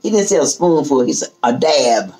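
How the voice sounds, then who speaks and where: A woman's voice: deep voice, low-quality recording. An older woman, telling a family story in casual talk and acting out her relatives' lines. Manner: lively, drawn-out, acts out quoted relatives. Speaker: storyteller guest.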